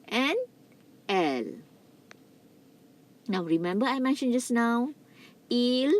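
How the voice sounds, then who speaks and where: A middle-aged woman gives a French lesson at an unhurried pace. Her pitch moves a lot as she stresses each word. She repeats the examples slowly and clearly for beginners. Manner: slow, repeats French words with careful stress. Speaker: French teacher. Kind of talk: classroom lecture.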